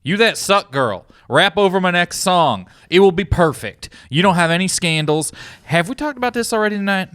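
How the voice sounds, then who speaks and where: A brash, washed-up male rock star, as a man puts him on, boasting in a smooth, bright voice set a little high. He laughs through his own bragging. The sound is dry and close. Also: expressive, normal speed, no room sound. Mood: boastful. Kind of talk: comedy script table read.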